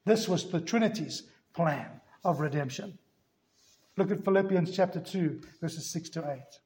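High-voiced emphatic preacher man. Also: measured pace, a little mellow, echoey room, low-quality recording. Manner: emphatic, asks rhetorical questions. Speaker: pastor. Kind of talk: sermon.

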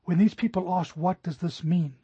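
High, husky-voiced man preaching. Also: mellow, no room sound. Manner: earnest preaching, slowing down to stress scripture. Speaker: pastor. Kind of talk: sermon. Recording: dry, dull lo-fi recording.

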